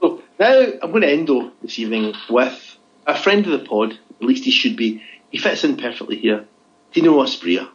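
A man co-hosts a podcast, reading out odd news items in a casual chat with a dry, teasing manner and plenty of "okay?" tag questions. His mid-range voice has lively intonation at a moderate pace, and the audio is dull and lo-fi.

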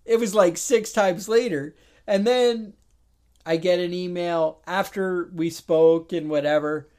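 Speaking at a measured pace, this New York podcast co-host has a high, darkish voice with a steady tone. In casual conversation, he spins a long tale, throwing in exasperated asides and performing phone calls.

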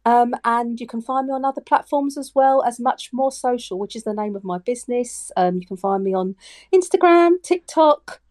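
A woman's voice: a little high, moderate pace, darkish tone. A woman guest on a podcast, a personal branding coach, talking earnestly with many restarts. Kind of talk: casual podcast chat.

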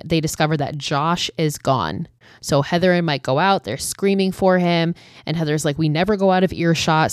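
A woman's voice: low-pitched, dry recording, studio quality. A woman telling a story in a loose, casual way, full of "like" fillers and frequent swearing. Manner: chatty, heavy use of "like" and frequent swearing. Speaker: vlogger recapping a horror film.

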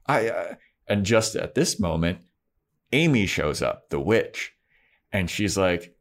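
A man's voice: low voice, slow pace. A young man co-hosting a podcast, casually recapping an episode and acting out the characters' lines. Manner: animated retelling, acts out characters' lines. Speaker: podcast co-host.

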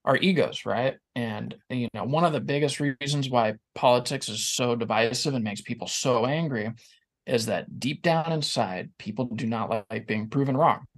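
Guy on a podcast, earnest, thinking out loud, mid-pitched voice. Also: normal speed. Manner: earnest, reflective. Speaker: podcast guest. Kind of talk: casual conversation.

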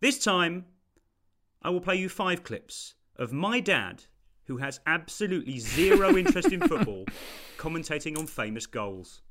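Bright, wry man hosting a quiz. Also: fairly high pitch, huge pitch swings, normal speed. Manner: upbeat and wry, laughing between explanations. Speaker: quiz host. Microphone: video call.

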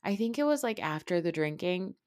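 A woman hosting a podcast, giving a casual, opinionated reality TV recap, swearing freely and mocking people with quick impressions. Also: lowish voice, big pitch swings, darkish tone, no echo, clean studio sound. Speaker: podcast host.

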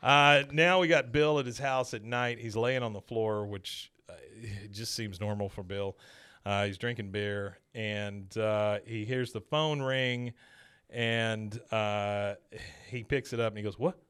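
A man's voice: fairly low pitch, steady tone, measured pace, fairly bright tone, clean tone. Man casually recapping a cartoon episode. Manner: chatty storytelling, filler "uh". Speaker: podcast co-host.

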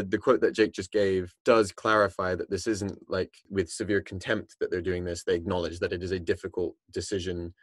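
A man's voice: low voice, no room sound. A man co-hosting a podcast, thinking aloud in a loose, chatty way, full of restarts. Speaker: podcast co-host. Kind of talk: casual discussion.

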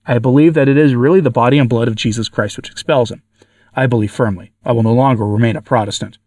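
A newly converted man, read by a male narrator declaring his faith with tearful earnestness. The voice is mid-pitched. The sound is dry and set back from the microphone. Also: quick pace, darkish tone, dry recording, natural voice. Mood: earnest. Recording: dry, from far off the mic.

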